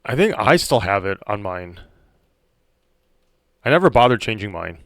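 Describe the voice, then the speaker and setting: A man streaming and chatting on a call, teasing and exasperated in a deadpan way. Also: on the low side, moderate pace, no room sound. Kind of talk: casual chat on a call while streaming.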